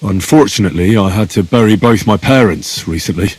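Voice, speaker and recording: A man's voice: on the low side, brisk, a little mellow, breathy edge, rough recording. An actor playing an earnest young man in a video game who keeps asking questions. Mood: curious. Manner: inquisitive, earnest.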